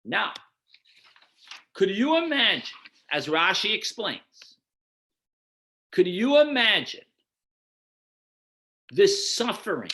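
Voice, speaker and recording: A man teaches a Torah class with a bright, clear tone and a very animated pitch that rises and falls. He speaks slowly and deliberately. He poses rhetorical questions, answers them himself, and points his listeners to numbered texts. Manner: guides listeners through numbered source texts. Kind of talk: explanatory lecture.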